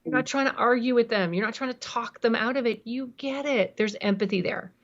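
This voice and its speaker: A woman's voice: a little high, a little fast, dull audio. A woman being interviewed as a parenting expert on a podcast, explaining emphatically and acting out examples.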